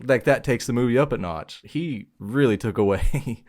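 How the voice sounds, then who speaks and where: A man's voice: medium pitch, moderate pace, darkish tone. A young man co-hosting a podcast in laid-back, blunt casual banter. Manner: laid-back, blunt, says dog and bro. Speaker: podcast co-host.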